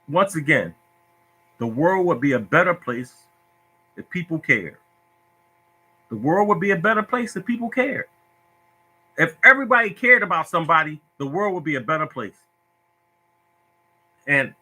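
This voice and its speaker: A man's voice: fairly high pitch, bright, forceful tone. A man hosting a casual phone livestream about lottery tips, talking in a preachy, repetitive, emotional way. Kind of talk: casual Facebook live talk.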